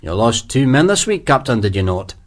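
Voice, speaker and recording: Narrator doing a brisk friendly old general, swinging voice, puts people at ease. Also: male voice, mid-range voice, very animated, close to an everyday voice. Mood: genial. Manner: brisk, soothing, hearty. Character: genial older male army general. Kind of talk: audiobook character voice.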